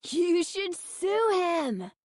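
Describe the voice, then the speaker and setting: A woman's voice: very high-pitched, big pitch swings, extremely slow, darkish tone, no echo, clean studio sound, voice pushed up, heavily acted. A woman voicing a gleeful, scoffing young troublemaker in a storybook audiobook. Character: mischievous boy, gleeful troublemaker.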